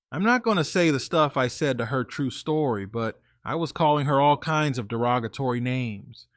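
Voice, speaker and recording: A man's voice: mid-range voice, expressive, moderate pace, hardly any pauses, no room sound, studio quality. A man narrating his own story in a casual, conversational way, talking to his listeners directly. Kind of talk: first-person story narration.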